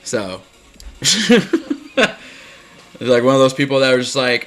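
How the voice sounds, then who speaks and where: Bright-voiced male gamer rambling on stream. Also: medium pitch, moderate pace, long pauses, faint music behind. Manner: chatty, rambling, laughs often, answers chat. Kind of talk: casual gameplay commentary.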